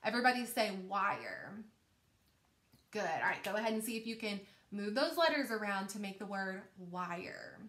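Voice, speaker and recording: Woman teacher, phonics lesson for kids, bright voice, encouraging, stretches sounds, echoey room. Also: medium pitch, expressive, moderate pace. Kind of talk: recorded phonics lesson for young children.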